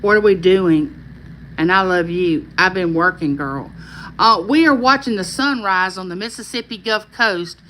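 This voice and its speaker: A woman's voice: medium pitch, normal speed, a bit bright, slight background noise, poor audio. A woman with a Southern accent hosting a casual live stream, chatting and reading viewer comments aloud in a friendly, folksy drawl. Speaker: YouTube host on a live stream.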